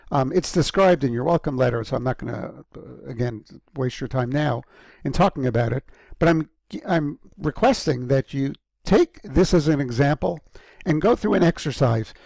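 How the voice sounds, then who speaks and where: A man giving a recorded university lecture, halting with frequent ums and restarts and clearing an irritated throat often. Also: fairly high pitch, darkish tone, dry recording. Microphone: close microphone.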